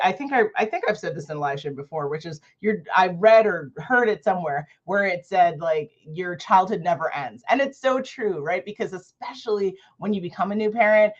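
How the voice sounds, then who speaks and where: A woman in her thirties hosting a casual livestream book chat, animated and laughing often as she reads affirmations aloud. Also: lowish voice, muffled recording. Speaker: host of an online book club.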